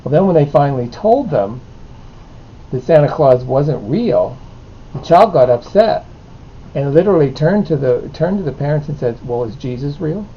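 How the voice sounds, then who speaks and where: A man's voice: fairly high pitch, animated, moderate pace. A middle-aged man, a father, talking in a rambling podcast conversation and often restarting his sentences. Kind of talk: casual conversation. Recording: dull lo-fi with faint noise.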